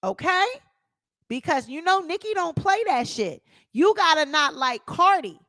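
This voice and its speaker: A woman's voice: high voice, animated, measured pace, a bit bright, no echo. A woman hosting her own channel, giving sassy, opinionated celebrity gossip commentary and calling her viewers honey.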